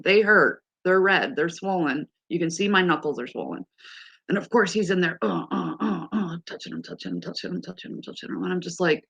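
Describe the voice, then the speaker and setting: Chatty gravelly woman in her fifties. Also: on the low side, sharp tone. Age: 50s. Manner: chatty, exasperated storytelling. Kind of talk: casual chat to a live audience.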